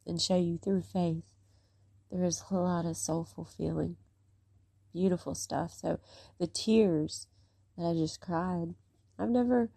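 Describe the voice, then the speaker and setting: Gravelly-voiced woman, emotional faith talk. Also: on the low side, dark tone, dry recording. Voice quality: voice a bit rough today. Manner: emotional, rambling, talkative. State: close to tears. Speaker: faith vlogger. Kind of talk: casual devotional talk and scripture reading.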